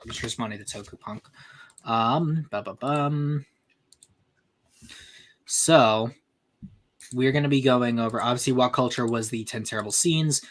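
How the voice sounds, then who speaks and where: A man's voice: mid-range voice, moderate pace. A man hosting a casual group podcast, joking, swearing and reading articles aloud. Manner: animated, jokey, swears freely. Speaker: podcast host.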